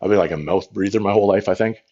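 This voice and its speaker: A man's voice: low voice, rapid-fire, dark tone, slightly rough, muffled recording. A man hosting a casual livestream, rambling frankly and swearing casually into a phone. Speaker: livestream host.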